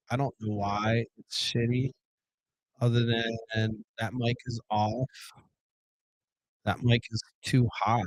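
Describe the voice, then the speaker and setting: A man's voice: medium pitch, a bit bright, no room sound, poor audio. A man hosting his own talk show alone, blunt and rambling, cursing often and restarting sentences. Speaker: podcast host. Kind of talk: solo casual monologue.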